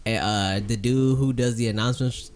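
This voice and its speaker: A man's voice: medium pitch, fairly even intonation, normal speed, a little mellow. A young man co-hosting a podcast in casual chat, laughing often, swearing freely and slipping into goofy voices. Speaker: podcast co-host.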